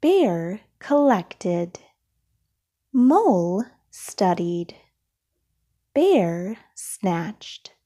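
Lady reading a kids picture book out loud, super slow, mellow kinda breathy voice. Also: mid-range voice. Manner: slow, expressive, sound effects whispered. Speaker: storybook reader. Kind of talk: children's read-aloud narration.

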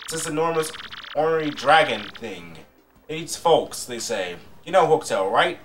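Brief: man voicing a grumpy old turtle mayor, blustering and loud, pitched high and animated, game music behind. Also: normal speed, lightly acted. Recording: slightly distant mic with game music.

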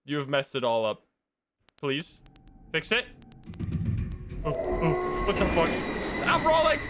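With a slightly high voice whose pitch swoops wildly, a young streamer takes it slowly while laughing, swearing and reacting in surprise to his game. The recording is very noisy, with game music underneath.

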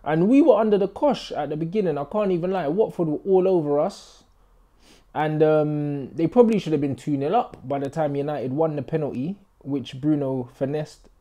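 A young man giving an excitable, slang-heavy football match reaction vlog, recorded indoors in a flat he is moving out of. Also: fairly high pitch, moderate pace. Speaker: football fan vlogger. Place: indoor room in a flat being moved out of.

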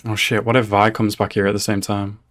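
Low-voiced man reacting with blurted swearing. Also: little pitch movement, a little fast, fairly bright tone. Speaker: reaction channel host. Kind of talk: casual reaction commentary.

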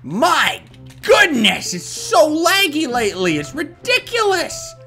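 A young man hosts a game playthrough, joking around in a lively voice that swings up and down. His tone is bright and forceful. Faint game music plays behind him. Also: very high voice, slow. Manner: playful, goofy, shifts into silly character voices and shouts. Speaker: let's play host. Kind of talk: energetic game commentary.

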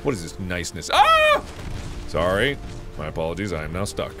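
A man streaming a game live, joking and yelling at enemies, then dropping to low mutters. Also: fast talker, loud music behind the voice. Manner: excitable, jokey, yells at enemies then mutters.

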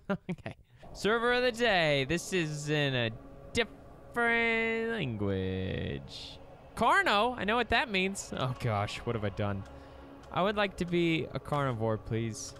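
A young man giving casual let's play commentary, excitable, breaking into squeaky high exclamations. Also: unhurried, faint music behind.

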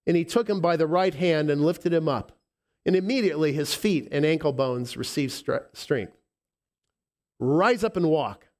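A male pastor with a lisp preaches in a fairly high voice. He is heartfelt and halting, often restarting his sentences. He drops to soft, tender passages and then rises into firm declarations. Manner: emotional, halting with repeated restarts, swinging from soft to emphatic. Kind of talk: sermon.

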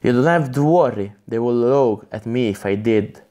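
A man's voice: medium pitch, normal speed, mellow, natural voice. A man reading the lines of a blunt young male barbarian hero in a gamebook, plainly read aloud.

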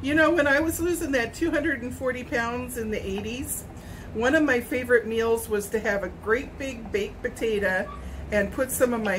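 A woman's voice: fairly high pitch, slight background noise, poor audio. A middle-aged woman from Hawaii cooking in her home kitchen, chatting in a rambling way as she tastes and snacks. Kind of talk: casual cooking chat.

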